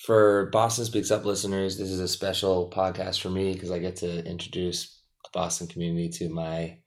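A man's voice: deep voice, little pitch movement, moderate pace. A man from Massachusetts hosting a podcast in a friendly, teasing casual interview. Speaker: podcast host.

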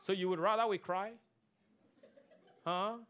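A man preaching a sermon as pastor, animated, mimicking people and singing snatches of a hymn. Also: sits high, unhurried, clean tone, dull audio. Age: adult.

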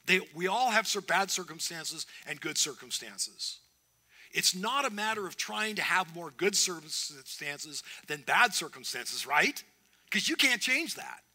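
A man's voice: high voice, sing-song, a little slow, bright, forceful tone. A man preaching a sermon as pastor, earnest and emphatic, often restarting his phrases.

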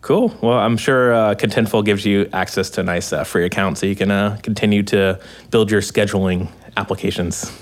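Podcast host, man, relaxed joking chatter, lowish voice. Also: normal speed. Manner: easygoing, agreeable, joking. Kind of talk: casual podcast chat.

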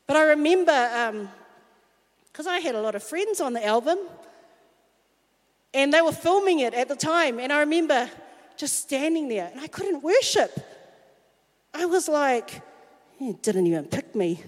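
A woman's voice: high voice, lively intonation, moderate pace, long pauses. A woman telling a candid, self-mocking personal story in a sermon. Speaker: speaker at a church talk. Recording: long hall reverb.

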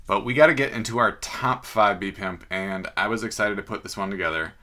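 A man's voice: on the low side, brisk, bright, forceful tone. A man co-hosting a casual podcast, upbeat and jokey, asking his partner questions. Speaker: podcast co-host. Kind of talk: casual chat.

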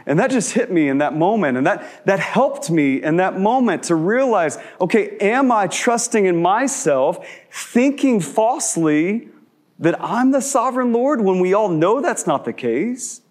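A man in his thirties preaching a sermon in a conversational way, asking many rhetorical questions and dropping to slow, hushed emphasis on key words. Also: sits high, very animated. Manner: shifts between quick asides and slow, hushed emphasis. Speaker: pastor.

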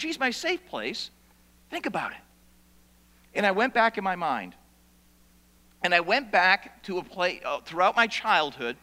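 A man preaching a sermon, telling stories that swing from loud to hushed. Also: sits high. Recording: long reverb of a large hall.

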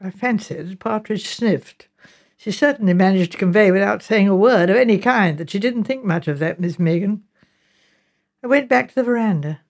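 A woman narrates an audiobook in a crisp, measured way. Her voice sits at a middle pitch with a noticeably gravelly texture.

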